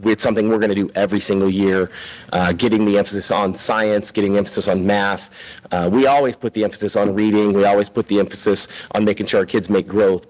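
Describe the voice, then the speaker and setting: A man with a somewhat low voice gives a spoken report as a school principal at a board meeting. He sounds chatty and upbeat, keeps things informal, and drops in plenty of "um"s and "uh"s. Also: rough recording.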